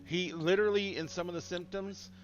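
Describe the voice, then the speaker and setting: A man running a tabletop game as game master, describing scenes in halting bursts with frequent restarts. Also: high voice, fairly even intonation, dull audio, faint music behind.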